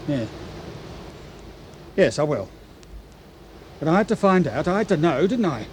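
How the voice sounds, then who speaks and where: An actor playing a defensive, resentful chief steward in a radio drama. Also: male voice, a little high, very animated, a little slow, darkish tone, slight background noise, poor audio. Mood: accusing. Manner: defensive and accusing. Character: nervous resentful male ship's chief steward. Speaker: ship's officer. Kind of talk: 1970s radio drama acting.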